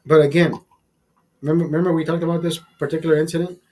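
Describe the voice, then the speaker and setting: A man casually telling a profane story in a vlog, animated and blunt. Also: a little high, very fast, low-quality recording. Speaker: vlogger.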